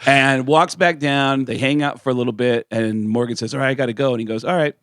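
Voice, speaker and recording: A man co-hosting a radio talk show, telling stories in a lively way and acting out the people he quotes. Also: medium pitch, fast talker, no echo, clean studio sound. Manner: animated storyteller acting out quotes in voices. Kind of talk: casual storytelling chat.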